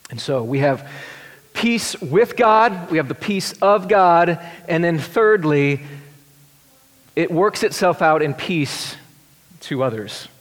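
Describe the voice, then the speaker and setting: A man preaches to his congregation, his fairly high voice climbing when he voices worried questions and sinking to hushed tones for tender moments. His words ring out with a long reverb, as if carried through a large church hall. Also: slow pace. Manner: animated, shifts between excited and hushed tender delivery. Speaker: pastor. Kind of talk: sermon.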